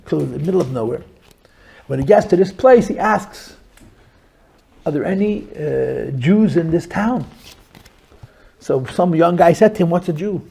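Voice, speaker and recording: Gravelly-voiced rabbi telling a story. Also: male voice, on the high side, normal speed, pauses often. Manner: animated storyteller, stretches words for emphasis. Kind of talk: storytelling to a small group.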